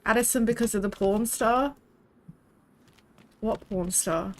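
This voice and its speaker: A woman's voice: mid-range voice, slow pace, low-quality recording. A young woman, chatting casually and rambling while live-streaming a game, swearing freely.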